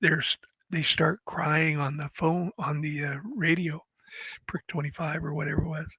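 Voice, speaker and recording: A man's voice: on the high side, level tone, normal speed, sharp tone, slightly rough, no echo, rough recording. A man in his seventies, a former Marine, telling war stories in a casual interview with laughs and swearing. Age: 70s. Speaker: guest, former Marine and actor.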